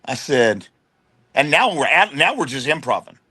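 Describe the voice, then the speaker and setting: A middle-aged man from the United States, a wrestler guest telling stories in an animated, slangy way and slipping into quick impressions. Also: fairly high pitch, slightly rough. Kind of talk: casual storytelling chat.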